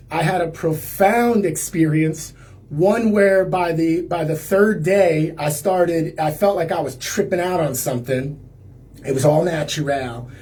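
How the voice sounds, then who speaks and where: A man's voice: sits high, darkish tone. A man, a singer-songwriter, telling a personal story on a livestream in a loose, rambling way, full of filler words and restarts.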